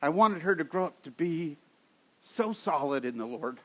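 A man's voice: fairly high pitch, expressive, moderate pace, pushed and bright. A middle-aged man preaching a sermon as a pastor, telling stories in a chatty way and laughing often. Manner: chatty storytelling with frequent laughs. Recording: dull lo-fi sound.

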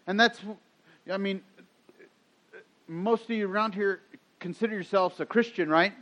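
A man's voice: high-pitched, steady tone, unhurried, long pauses, a bit bright. A middle-aged man preaching a sermon as a pastor, telling stories in a chatty way and laughing often. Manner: chatty storytelling with frequent laughs. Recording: dull lo-fi sound.

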